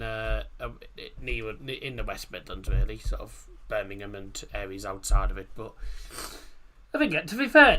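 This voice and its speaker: A man's voice: lowish voice, sharp tone. A man hosting a football watchalong stream, rambling casually through viewer comments with lots of fillers and restarts. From Middlesbrough, England. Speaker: livestream host. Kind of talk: casual chat reading live comments.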